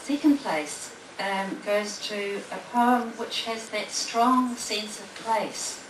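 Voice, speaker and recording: A woman, acting as competition judge, announces the winning poems. She speaks deliberately, with pauses and fillers. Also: mid-range voice. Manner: deliberate, pausing, with many fillers. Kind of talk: prize announcement at a public event. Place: library hall at a public event. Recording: echoey hall, distant mic, audible noise.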